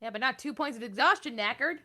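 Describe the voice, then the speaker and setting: A woman player at a tabletop game making quick joking remarks. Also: a little high, lively intonation, bright, forceful tone. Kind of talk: casual table talk.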